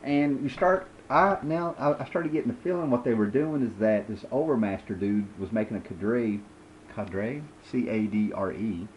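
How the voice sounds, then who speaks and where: Low-voiced man ranting about comics. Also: normal speed, muffled recording, slight background noise. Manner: rambling, sarcastic, lots of fillers. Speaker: comic book reviewer. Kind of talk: casual rambling review.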